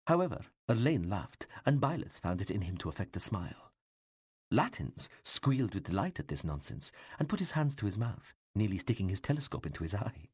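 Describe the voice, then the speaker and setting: A man reading an audiobook with expressive, varied narration. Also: lowish voice, brisk, breathy edge, no room sound, clean studio sound. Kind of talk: scripted narration.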